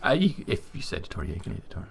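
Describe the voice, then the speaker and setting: A man narrating a tabletop game as game master, relaxed, with fillers. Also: low voice, very fast, gravelly.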